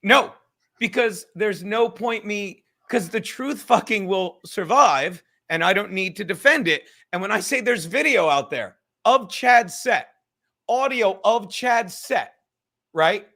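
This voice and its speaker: Bright, fired-up, swearing stream host. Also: male voice, high-pitched, animated, slow pace, creaky. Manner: profane, rambling, fired-up. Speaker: livestream host. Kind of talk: livestream chat.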